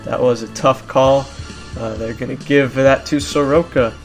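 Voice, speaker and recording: A young man giving casual play-by-play commentary over a video game baseball league, animated and climbing into shouts at big plays. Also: mid-range voice, normal speed, faint music behind.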